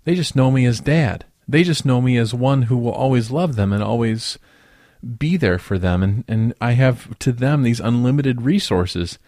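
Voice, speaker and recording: A man's voice: mid-range voice, expressive, normal speed, darkish tone, no room sound, studio quality. A man in his thirties preaching a conversational, reflective devotional as a pastor, with folksy asides. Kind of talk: relaxed devotional sermon.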